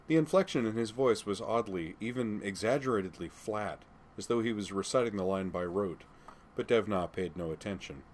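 A man with a deep, low voice narrates a story in a steady, measured way. A faint hiss sits under the recording. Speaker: audiobook narrator. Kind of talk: fan fiction audiobook narration.

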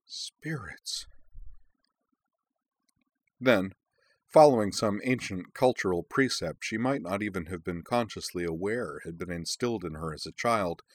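Man, audiobook narration, very deep voice, dry close sound, measured. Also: no echo.

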